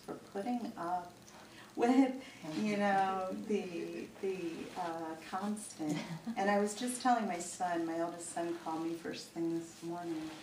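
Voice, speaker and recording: A woman's voice: on the low side, noisy background. A middle-aged woman giving a heartfelt, reflective Mother's Day talk at a church service, with storytelling asides. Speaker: spiritualist medium giving a talk. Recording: roomy recording from far off, faint ambience.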